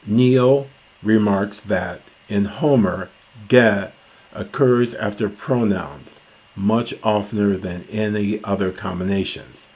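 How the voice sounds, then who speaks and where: A man reading ancient Greek lines aloud and explaining them word by word, with many pauses, fillers and self-corrections. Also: lowish voice, darkish tone. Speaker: classics lecturer.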